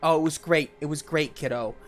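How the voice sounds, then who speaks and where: A man's voice: on the high side, fairly quick, faint music behind, close to an everyday voice. A man voicing a gossipy, tired woman nurse in her fifties, chatty and complaining in a tabletop role-play.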